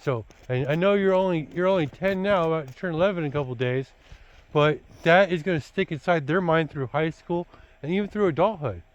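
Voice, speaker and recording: A man's voice: on the high side, fairly quick, highs cut off. A man talking casually to his son about dating, blunt and preachy, looping back with filler words like "you know" and "dude". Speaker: father giving his son dating advice. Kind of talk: casual rambling vlog talk.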